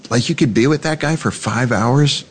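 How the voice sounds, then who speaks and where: A man's voice: mid-range voice, moderate pace, husky. A man hosting a conversation, talking casually and thinking aloud as he asks questions. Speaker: radio show host. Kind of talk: conversational interview.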